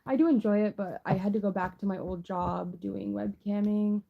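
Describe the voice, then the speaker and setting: A woman's voice: medium pitch, steady tone, moderate pace, vocal fry, phone-quality sound. A young woman giving a casual tarot reading to camera, rambling with lots of "like" and restarts. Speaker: tarot reader.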